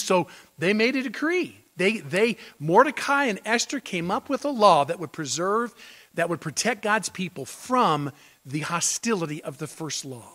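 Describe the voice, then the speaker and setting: A man's voice: high-pitched, big pitch swings, normal speed, a bit bright. A man pastor preaching an expository sermon, emphatic and full of rhetorical questions. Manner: emphatic, rhetorical questions, repeats key phrases.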